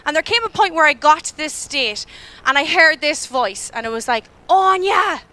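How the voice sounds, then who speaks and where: Young irish woman, church talk, high voice, bright tone, chatty storytelling. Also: expressive, normal speed. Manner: chatty, acts out her own panicked thoughts. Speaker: church speaker. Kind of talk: storytelling sermon.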